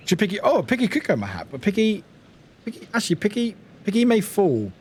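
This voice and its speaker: A young British man streaming a video game, chatting casually with lively outbursts, jokes and laughter. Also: high-pitched, quick pace, slight background noise. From United Kingdom. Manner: animated, laughing, swearing, chatty. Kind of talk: casual gameplay commentary.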